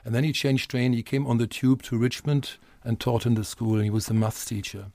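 A middle-aged man from Germany, a teacher, telling an anecdote in an interview at a measured pace. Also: medium pitch, steady tone, warm tone, no room sound. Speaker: guest, teacher. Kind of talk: storytelling in an interview.

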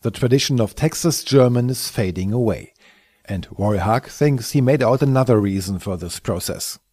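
A man giving scripted documentary narration in a measured, lightly wry manner. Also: medium pitch, darkish tone, no echo.

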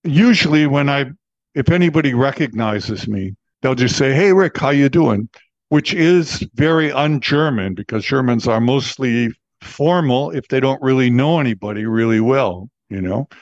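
A chatty American man in his seventies, a veteran disc jockey telling stories. His mid-pitched voice comes through a dry, close recording with slightly dull sound. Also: moderate pace, no room sound. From Texas, USA. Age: 70s. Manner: chatty, laughs often, acts out quoted voices. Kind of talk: relaxed interview storytelling.

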